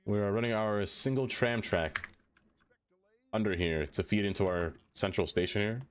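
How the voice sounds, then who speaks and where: This young man streams himself building a city in a game, chatting casually at a normal speed in a fairly low voice. There's a slight hiss or hum on the audio and faint music behind him, and he often laughs and talks to his creations.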